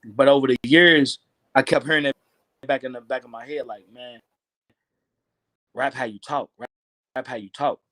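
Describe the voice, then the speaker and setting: A man's voice: medium pitch, fairly even intonation, moderate pace, pauses often, fairly bright tone, no echo. A man in his thirties with a Kentucky Southern accent, a rapper telling stories in a casual interview, laid-back and full of slang. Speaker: rapper guest.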